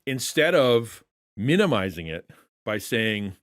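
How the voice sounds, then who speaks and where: A man's voice: lowish voice, sing-song, moderate pace, a bit bright, no room sound, clean studio sound. Earnest man coaching creators. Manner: earnest, repeats words, rhetorical questions. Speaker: trainer coaching content creators. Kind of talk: conversational teaching session.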